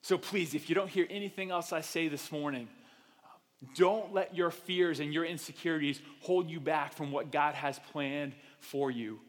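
A man preaching a sermon in an animated, self-deprecating way, acting out the voices he quotes, in a church auditorium. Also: a little high, normal speed. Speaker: pastor. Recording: reverberant hall.

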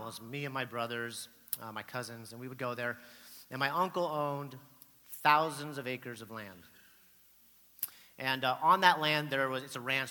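Animated middle-aged preacher in a reverberant hall. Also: male voice, medium pitch. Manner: animated storyteller, acts out quotes loudly. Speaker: pastor. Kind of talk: storytelling sermon.

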